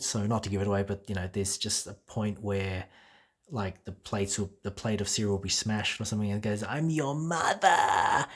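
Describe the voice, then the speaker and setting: Husky low-voiced man rambling. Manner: rambling, chatty, many fillers and restarts; laughs as he talks. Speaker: vlogger. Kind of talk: casual solo talk to camera.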